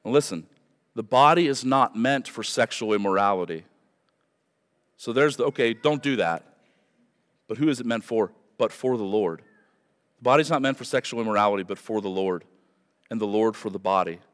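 A man's voice: on the low side, normal speed, long pauses, a bit bright. A male pastor giving an earnest, emphatic sermon, repeating his key phrases for weight. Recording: long hall reverb.

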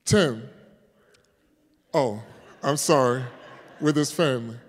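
A man pastor preaching a sermon, swinging from loud, forceful declarations to hushed, prayerful murmurs, and joking and laughing with his congregation. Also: mid-range voice, takes it slowly, big-room sound. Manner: calls on the congregation, jokes and laughs with them.

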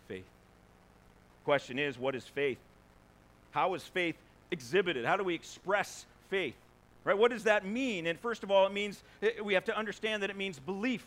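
At a moderate pace, a man with a notably high, fairly bright voice delivers a sermon as a pastor. His preaching is conversational, with rhetorical questions for the congregation and brief impressions of the people in his stories.

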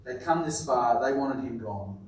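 A man preaching a sermon, emphatic and repeating his words, often dropping to a quiet, stressed delivery. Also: medium pitch, animated, unhurried, a little hiss or hum. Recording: very echoey room, voice from a distance.

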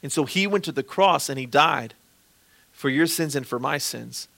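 A man preaching as a pastor, earnestly and gently pleading as he leads a closing prayer. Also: mid-range voice, moderate pace, vocal fry.

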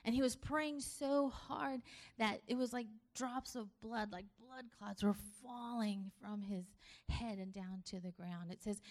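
A woman preaching a sermon in a casual, earnest way, sometimes dropping to a hush and sometimes pressing hard for emphasis. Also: a little high, a little slow. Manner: conversational, earnest, swings between hushed and emphatic.

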